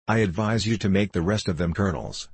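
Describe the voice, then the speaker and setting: A man's voice: sits low, fast talker, a little mellow, slightly rough, no room sound. A man voicing a shrewd, practical farmer who asks questions and gives matter-of-fact advice, in a storybook reading.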